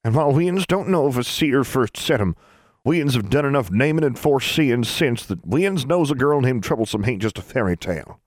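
A man's voice: mid-range voice, lively intonation, moderate pace, dry recording, voice pushed up, close to an everyday voice. A man voicing a kindly elderly Ozark granny witch with a folksy drawl.

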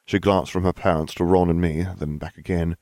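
A man's voice: low voice, flat delivery, a little fast, darkish tone, no room sound. A man narrating a fan fiction story in the first person, with dry, wry humor. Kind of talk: fan fiction audiobook reading.

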